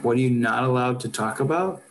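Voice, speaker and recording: A man's voice: mid-range voice, brisk, slight background noise, rough recording. A man co-hosting a podcast, chatting casually about baseball in a rambling, filler-heavy way. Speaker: podcast co-host. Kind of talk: casual sports chat.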